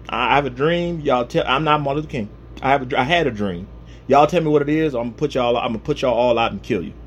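A man's voice: mid-range voice, fast, muffled recording, a little hiss or hum, pitched below the performer's own voice, lightly acted. A man voicing an exasperated, ranting ancient king in a comic sermon retelling. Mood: threatening. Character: proud angry king Nebuchadnezzar, fed-up ruler.

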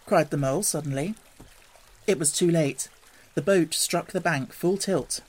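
A storybook narrator with a middle-pitched voice, reading in a calm and measured way. The delivery is even and unhurried, letting the scene unfold softly between the character voices. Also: slightly rough. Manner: calm, measured, softer than the dialogue.

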